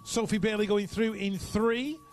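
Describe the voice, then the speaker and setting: A man with a high-sitting voice and fairly even intonation announces live races at an outdoor track, with soft music in the background. He moves briskly through rider names and drops casual remarks between calls.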